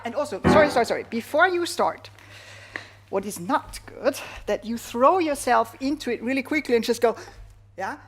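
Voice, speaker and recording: A woman teaching a flute masterclass, encouraging her student and singing rhythms aloud, often checking in with "yeah?". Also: a little high. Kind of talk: masterclass coaching.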